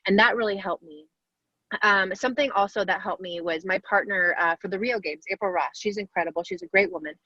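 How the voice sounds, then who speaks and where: A woman's voice: mid-range voice, fairly quick, no room sound. A woman in her forties answering young players' questions in a casual, encouraging way, speaking directly to them. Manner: warm, upbeat, talks directly to the kids. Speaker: guest athlete answering questions. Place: video call. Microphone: video call. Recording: dull lo-fi video call audio.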